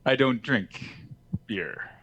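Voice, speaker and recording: A man playing a tabletop game, laid-back and quick to laugh as he describes his moves. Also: medium pitch, animated, fairly bright tone, muffled recording. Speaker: player.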